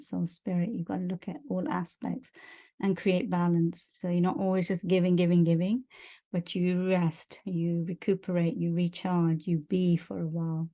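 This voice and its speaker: Her voice lowish and dark in tone, a woman gives a monthly spiritual energy update as a spiritual teacher, earnest and encouraging, running through long lists that repeat themselves.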